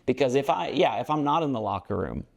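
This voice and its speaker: A man's voice: medium pitch, animated, fast, gravelly. A basketball coach co-hosting a podcast, a man talking earnestly about team culture in a rambling, casual way with many fillers. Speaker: basketball coach and show co-host.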